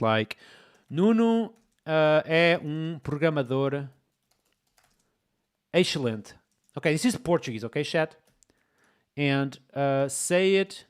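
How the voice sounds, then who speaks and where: A man hosting a live coding stream, excitable and exclaiming as he talks to his chat. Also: mid-range voice. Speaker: streamer, host.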